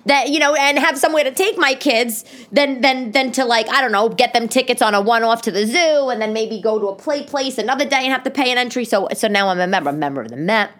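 A woman in her thirties hosting a casual solo podcast, rambling through stories and acting out other people's voices. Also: on the high side. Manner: animated, rambling storyteller who acts out voices. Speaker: podcast host.

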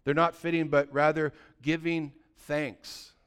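A middle-aged man preaching a sermon as pastor, conversational and animated, full of rhetorical questions. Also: fairly high pitch, a little slow, smooth.

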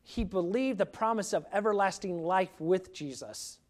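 Earnest high-voiced male preacher. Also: moderate pace. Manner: earnest, emphatic with repetition. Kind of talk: sermon.

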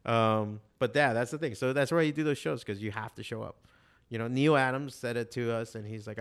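A man in casual conversation, telling animated stories with a lot of swearing and acting out what other people said. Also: medium pitch, brisk, smooth. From Miami, USA. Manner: animated storytelling, heavy swearing, quotes others in voices. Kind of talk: casual chat.

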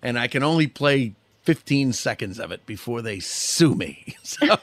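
A man's voice: mid-range voice, lively intonation, a little slow, no echo. A man hosting a playful game segment, teasing his guest and laughing often. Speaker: host. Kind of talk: playful game-show banter.

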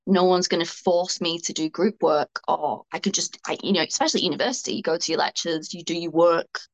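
A woman's voice: lowish voice, brisk, low-quality recording. A young woman, a guest speaking frankly and ramblingly about her own experiences in a candid interview. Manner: frank, rambling, self-deprecating.

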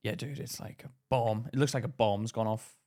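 A young man, co-hosting a casual podcast and telling stories in an animated way. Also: medium pitch, moderate pace. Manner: animated storyteller, acts out voices loudly. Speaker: podcast co-host. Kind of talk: casual chat.

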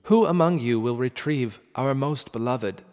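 A man voicing a grieving mother queen of the gods who makes forceful appeals. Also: medium pitch, expressive, measured pace, pitched above the performer's own voice, natural voice. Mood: pleading. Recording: long reverb with faint music.

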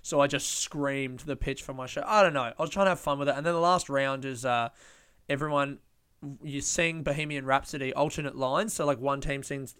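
A young man, a comedian and podcast host, telling a story in a casual, animated way, laughing and swearing often. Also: mid-range voice, brisk, smooth, no echo, clean studio sound.

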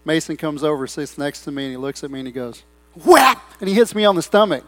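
Pastor guy preaching in church, kinda high voice, gets loud then wanders off on tangents, bit of mains hum. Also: lively intonation, very fast, faint music behind. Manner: preaching with sudden loud swells and rambling asides. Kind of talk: sermon. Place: church sanctuary.

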